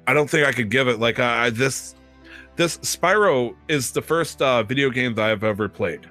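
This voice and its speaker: A man's voice: medium pitch, a bit bright. A man co-hosting a podcast, chatting casually in a rambling way with many fillers and restarts. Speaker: podcast co-host. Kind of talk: casual chat.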